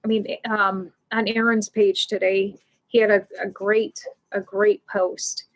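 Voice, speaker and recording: A woman's voice: medium pitch, flat delivery, a little slow. Middle-aged female host, casual home livestream chat, rambling delivery with frequent restarts and laughs. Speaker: pet loss support livestream host.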